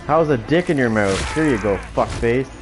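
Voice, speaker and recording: A man's voice: mid-range voice, expressive, moderate pace, music in the background. Brash, foul-mouthed male game streamer. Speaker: streamer playing a killer. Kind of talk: live gameplay commentary.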